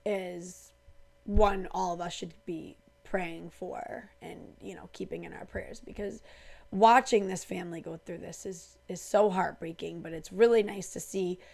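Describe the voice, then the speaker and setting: Chatty woman with a gravelly voice. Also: mid-range voice. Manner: chatty, opinionated, lots of fillers like "like" and "um". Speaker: reality TV recap host. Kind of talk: casual recap talk to camera.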